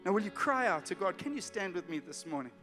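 A man from South Africa preaching a sermon as a pastor, moving from hushed pleas to loud urgent calls. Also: high-pitched, big pitch swings, quick pace. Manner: emotional, swings from hushed to shouting. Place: church hall. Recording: church hall reverb with soft music.

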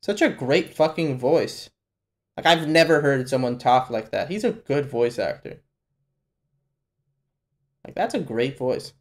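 A man reacting live to an anime episode, talking in an unhurried, drawn-out way. His casual, slangy commentary is full of swearing and breaks into sudden loud outbursts. His voice sits at a middling pitch. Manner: profane, excitable, bursts into loud exclamations; casual slangy talk to the viewer. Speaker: reaction channel host.

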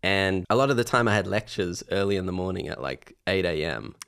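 A man's voice: low-pitched, lively intonation, a little fast, creaky, a bit bright, smooth. A young man, chatting as a podcast guest and sheepishly confessing, with frequent laughter. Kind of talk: casual chat.

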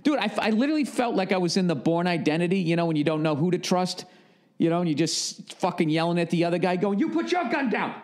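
A middle-aged man hosting a podcast, telling a comedic story in an animated, profane rant. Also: high-pitched, fast talker. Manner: animated and profane, working himself up. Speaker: podcast host.

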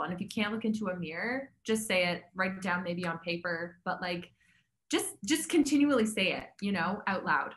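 A woman's voice: lowish voice, animated, brisk, fairly bright tone, echoey room. A woman talking as a health coach guest in a casual interview, chatty and upbeat, with many fillers.

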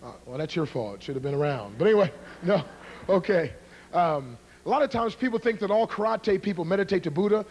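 High-voiced joking evangelist man. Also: brisk. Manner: joking, teasing, energetic. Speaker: evangelist and karate demonstrator. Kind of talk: humorous sermon introduction to a live congregation. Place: church before a live audience.

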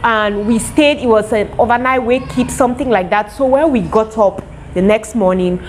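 A young Cameroonian woman telling a casual storytime to her viewers, lively and animated. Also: fairly high pitch, normal speed, a little hiss or hum. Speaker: vlogger.

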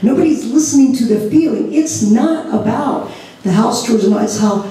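A woman leading a church training session, lively and laughing as she acts out examples. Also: on the high side, moderate pace. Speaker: ministry group leader trainer. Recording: echoey room, mic far off.

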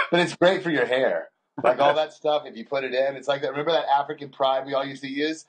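A man with a husky, mid-pitched voice co-hosts a podcast and spins crude, rambling stories in loose casual chat. He swears constantly and breaks into laughter as he talks. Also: steady tone, quick pace. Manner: crude, joking storyteller who swears a lot and laughs often. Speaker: podcast co-host.

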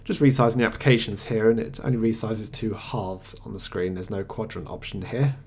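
A male tech reviewer delivers a screencast software review at his desktop mic in a fairly low voice with fairly even intonation. His manner is matter-of-fact and conversational, marked by occasional small hesitations, and a little hiss or hum can be heard.

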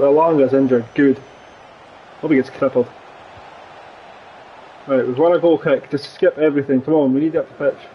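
A man's voice: fairly high pitch, highs cut off, slight background noise. A young man commentating his football video game, ranting and swearing at the play. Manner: swears a lot, rants, voice jumps up when angry. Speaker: gaming channel host. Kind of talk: frustrated gameplay commentary.

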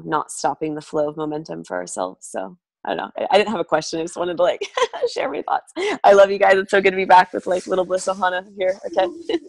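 A woman's voice: sits low, dry recording. A woman calling in to a team call, chatting casually and bubbly with many fillers. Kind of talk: casual chat.

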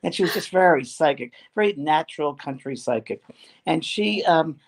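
A man's voice: on the high side, expressive, moderate pace. A man who works as a spiritual medium, chatting casually and telling rambling stories. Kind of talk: casual chat.

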